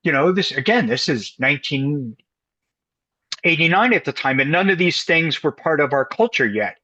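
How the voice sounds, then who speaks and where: A man's voice: a little high, normal speed, rough recording. A man from the United States, a guest and couples counselor, telling a story in an interview and acting out the voices of the people in it. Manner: animated storyteller, acts out quoted voices.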